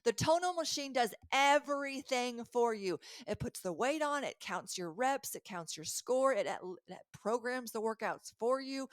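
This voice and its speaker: A woman coaching listeners in an earnest, animated talk with a faith-based message, often stopping to correct herself. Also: fairly high pitch, normal speed, no echo, clean studio sound. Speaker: life coach.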